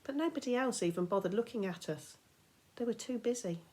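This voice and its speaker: A woman teacher reading a children's novel aloud, expressive and dramatic, sometimes dropping to a whisper. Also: on the high side, fairly quick. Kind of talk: storybook read-aloud.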